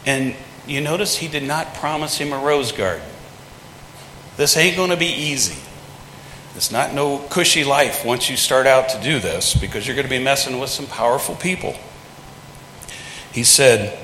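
A male pastor delivers a sermon in a relaxed, folksy way, slipping into playful voices for quoted lines. His voice is bright and forceful. It rings through a large church with a long, roomy reverb. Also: mid-range voice, normal speed, a little hiss or hum. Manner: folksy, conversational preaching with acted-out quotes. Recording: echoey hall with long reverb.

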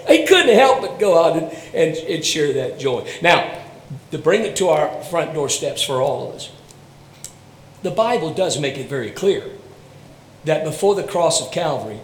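A man preaches in a fairly high voice, carried by a roomy echo with faint ambience behind him. He swings from loud, ringing declarations down to hushed, slow storytelling. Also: sing-song, slight background noise. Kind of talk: sermon on a broadcast program.

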